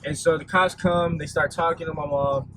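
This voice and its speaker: Young male vlogger, relaxed storyteller, loose and rambling, some background noise. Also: a little high, normal speed. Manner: laid-back, rambling with many fillers. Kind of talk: casual storytime vlog.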